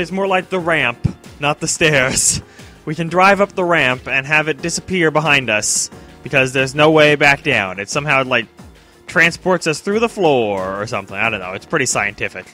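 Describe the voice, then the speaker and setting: A young man rambles through his gameplay in a loose, joking way. His voice is bright and crisp and sits a bit high. It swings up and down freely as he talks back to the characters on screen. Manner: chatty, self-mocking, talks to game characters. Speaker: let's play commentator. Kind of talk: casual gameplay commentary.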